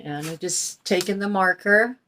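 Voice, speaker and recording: A woman's voice: mid-range voice, normal speed, sharp tone, slight background noise. A middle-aged woman hosting a crafting channel, chatting in a folksy way while she paints and explains each step. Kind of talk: casual craft tutorial talk.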